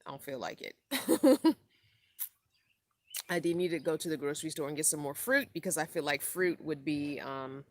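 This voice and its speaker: Tired low-voiced woman chatting on a live stream. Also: quick pace, few pauses. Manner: laid-back, rambling, reads viewer comments aloud. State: tired from lack of sleep. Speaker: van-life vlogger hosting a live stream. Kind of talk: casual live-stream chat.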